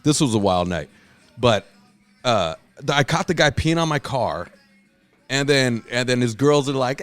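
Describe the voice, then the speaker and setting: A man on a podcast, spinning a profanity-laced story with a mid-range voice. He jumps into loud, high shouts when he quotes people. The sound is close and dry, with no room around it. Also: animated, moderate pace, no room sound. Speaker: podcast host. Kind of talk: casual chat, storytelling.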